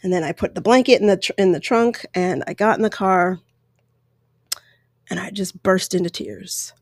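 A woman's voice: mid-range voice, moderate pace, no room sound. A woman in her thirties hosting a podcast, telling a personal story into a close microphone in a candid, emotional, rambling way with restarts. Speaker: podcast host.

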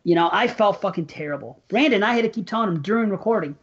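A man's voice: high-pitched, animated, quick pace, slightly rough, highs cut off. A man in casual podcast chat, blunt and self-deprecating, with frequent swearing. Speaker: podcast co-host.

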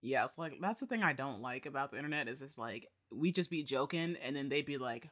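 Young DC-co-host, swooping lively voice, bright tone, animated casual banter. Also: mid-range voice. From DC–Maryland–Virginia area. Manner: laughing, animated, quick to agree. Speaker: podcast co-host. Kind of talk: casual chat.

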